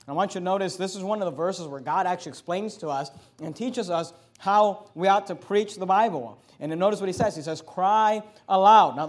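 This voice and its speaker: A male pastor preaching a sermon, moving between loud emphatic lines and softer, lowered asides.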